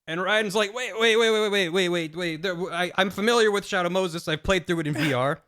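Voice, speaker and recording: A man with a slightly raised voice talks through a long story recap on his stream. He rattles off characters' lines in quick, playful paraphrase and keeps circling back with fillers and restarts. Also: sits high, sharp tone, clean tone. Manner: rambling with many fillers and restarts. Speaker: streamer host. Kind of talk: casual plot recap with friends.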